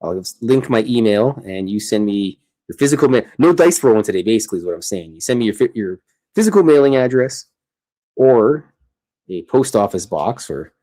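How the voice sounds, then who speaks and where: A man hosts a casual livestream from his home art studio, chatting as he draws and rambling while cutting himself off mid-sentence. His low, mellow voice is expressive and a little fast.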